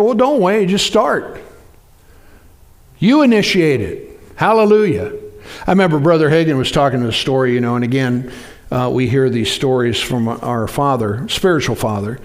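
A man's voice: medium pitch, animated, moderate pace. A man preaching a sermon, exhorting the congregation and telling a story loosely with many restarts.

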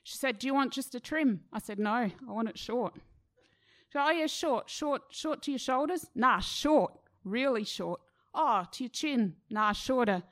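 A woman's voice: on the high side, lively intonation, measured pace, a bit bright. A middle-aged woman telling a funny personal story in a chatty, self-mocking way, acting out the people she quotes. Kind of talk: personal story told to an audience.

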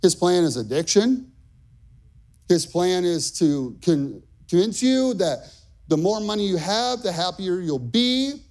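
Middle-aged male preacher, high voice, passionate pulpit delivery. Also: sing-song, slow. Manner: impassioned, emphatic preaching with rising shouts. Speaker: pastor. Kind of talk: sermon.

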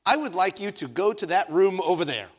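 A man voicing a young female passport officer who asks brisk, clipped questions in a sermon story. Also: high voice, lively intonation. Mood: curt.

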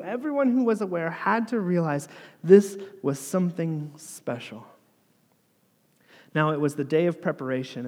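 A man preaching a sermon, retelling the story dramatically, dropping to a hush and swelling louder by turns. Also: fairly high pitch. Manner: dramatic storytelling, dropping to a hush for quoted words, rising for crowd lines. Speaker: pastor. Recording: long hall reverb.

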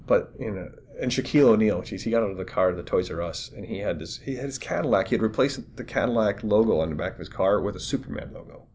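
Casting: male podcast host, quick rambling storyteller, low voice, faint room hum behind. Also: animated, darkish tone. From Los Angeles area. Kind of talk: casual chat.

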